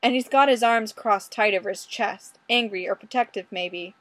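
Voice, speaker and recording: A woman's voice: medium pitch, moderate pace, a bit bright, no room sound. Woman narrating wryly, dry close sound. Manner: wry, conversational. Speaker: audiobook reader. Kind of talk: first-person story narration.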